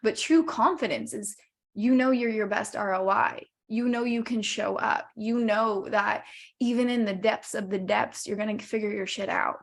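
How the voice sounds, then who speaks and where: A woman's voice: medium pitch, steady tone, normal speed, gravelly. A young woman hosting a podcast, talking candidly and animatedly in casual conversation, swearing now and then. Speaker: podcast host.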